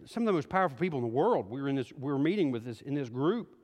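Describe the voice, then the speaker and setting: A middle-aged male pastor preaching a sermon, moving from quiet scripture reading to emphatic exhortation. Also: medium pitch, very animated, racing. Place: church sanctuary. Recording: hall reverb.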